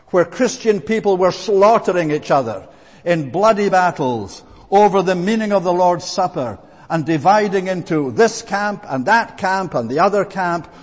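Guy giving an earnest sermon, voice on the high side, long echo from the church hall. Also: darkish tone. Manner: earnest, emphatic, deliberate preaching. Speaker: preacher.

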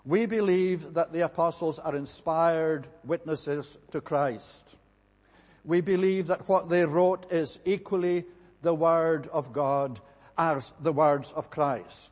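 A male preacher delivers a sermon in a slightly raised voice, measured and emphatic, with many small "uh" pauses. His words ring out with a long reverb, as though he is speaking in a large church. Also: a little high, a little mellow.

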